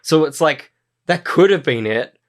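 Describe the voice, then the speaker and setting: A man's voice: fairly high pitch, lively intonation, moderate pace. A man hosting a podcast, chatting casually and enthusiastically, with lots of "like" and restarts. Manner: enthusiastic, rambling, full of "like". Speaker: podcast host. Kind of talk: casual chat.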